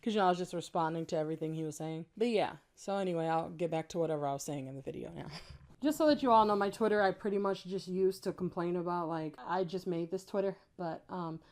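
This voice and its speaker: A woman's voice: on the low side, quick pace, darkish tone. A woman commentator talking through a response video in a rambling, indignant way, with frequent filler "likes". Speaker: YouTube commentator. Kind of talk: casual commentary and rebuttal.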